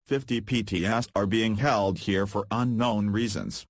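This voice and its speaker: A man reading the lines of a gruff male army general briefing his troops, in a flat reading voice. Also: fairly low pitch, unhurried, no echo.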